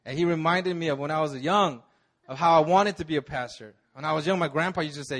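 A man's voice: a little high, fast talker, a bit bright. A man in his thirties, a pastor, telling his own story in a sermon in a casual, slangy way with many restarts. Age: 30s. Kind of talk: sermon testimony.

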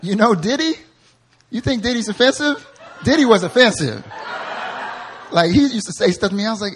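A man preaching a sermon, moving between quiet, joking storytelling and loud, fervent shouting, acting out quoted people with humor. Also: high-pitched, sing-song, brisk, background noise. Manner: acts out quoted voices with humor. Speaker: pastor.

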